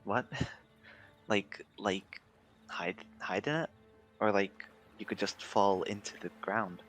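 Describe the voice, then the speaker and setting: A man's voice: on the low side, takes it slowly, a bit bright, soft background music. A man playing in a tabletop game, chatting in character in a playful way. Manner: playful, laughing. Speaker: player. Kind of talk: in-character casual chat.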